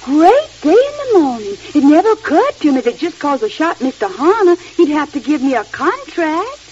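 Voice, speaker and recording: A woman's voice: sits high, sing-song, normal speed, darkish tone. A woman playing a sweet Southern belle. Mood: wide-eyed. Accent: American Southern (Georgia). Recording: dull old radio recording with faint hiss.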